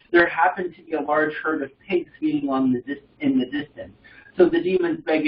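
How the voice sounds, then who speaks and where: A young man leading an informal Bible study, reading passages and commenting in a halting, rambling way with many fillers and restarts. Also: fairly high pitch. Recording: distant mic in a roomy space, dull sound.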